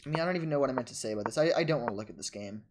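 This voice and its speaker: A man in a casual chess vlog, narrating his own game in quick bursts and scolding himself for his mistakes. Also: mid-range voice, expressive, background noise. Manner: frustrated, self-critical, talks in quick bursts and trails off. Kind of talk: casual self-commentary over a chess game.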